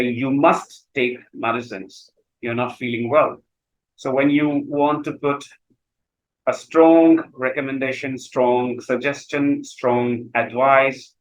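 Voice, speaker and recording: A man's voice: mid-range voice, low-quality recording. A man whose first language is Urdu, explaining English grammar in a lesson and often repeating and rephrasing himself. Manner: repeats and rephrases himself, slow deliberate examples. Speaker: English teacher.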